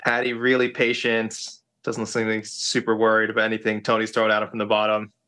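A man talks fast in a bright, forceful voice, analyzing the fight. He joins the show from outside the studio and mixes breakdowns with dry jokes. It is casual commentary. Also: on the low side, monotone. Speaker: remote co-host of a fight watch party.

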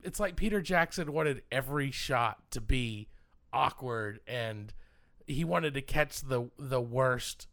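A man's voice: medium pitch, takes it slowly, gravelly, a bit bright. A man co-hosting a casual film podcast, giving emphatic, enthusiastic opinions on how a movie was shot. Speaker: podcast co-host.

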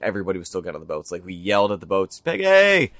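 Man, very deep voice, dry close sound, casual rambling storyteller. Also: steady tone, rapid-fire, dry recording. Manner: rambling anecdotal delivery, acts out quoted people. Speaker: podcast co-host.

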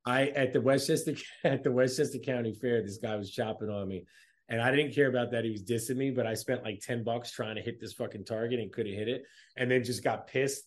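A man's voice: mid-range voice, fairly quick. A man co-hosting a podcast over a video call, telling crude stories full of swearing and breaking into laughter. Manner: laughing, profane storytelling. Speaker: podcast co-host. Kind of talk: casual crude banter.

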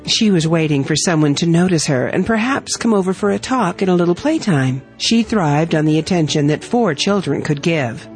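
A woman reading her own heartfelt family story aloud in a gentle storytelling manner. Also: on the low side, lively intonation, normal speed, hardly any pauses, faint music behind. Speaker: story reader.

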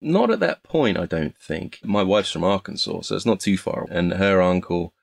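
An English man, a guest actor in a casual interview, telling animated stories and laughing often. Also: sits low, moderate pace, gravelly, no echo. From England.

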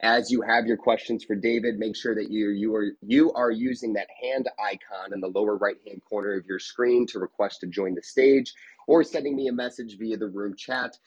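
A man's voice: fairly low pitch, fairly even intonation, moderate pace, husky, muffled recording. A man moderating a live online Q&A room, polite and upbeat with formal phrasing.

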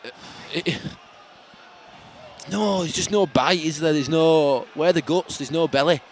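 A young man co-hosting a casual football podcast, playful and quick to laugh. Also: on the high side, slight background noise. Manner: giggly, playful, lively. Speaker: podcast co-host.

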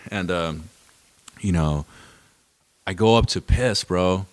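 A man telling a long story in casual chat, animated and swearing often. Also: deep voice, slow, dry recording.

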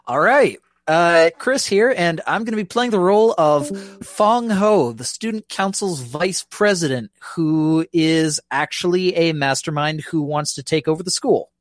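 A man's voice: a little high, a little slow, hardly any pauses, no room sound. A man introducing his character in a tabletop game, upbeat and curious. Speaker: player. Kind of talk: casual chat.

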